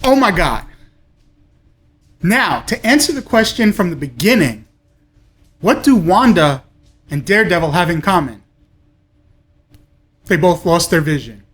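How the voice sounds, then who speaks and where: A man hosts his own show and reviews a TV episode in a loose, unhurried way. He lingers on his words and drifts from point to point. His talk is full of excited exclamations and small asides. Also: high-pitched. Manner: gushing, rambling, with frequent exclamations.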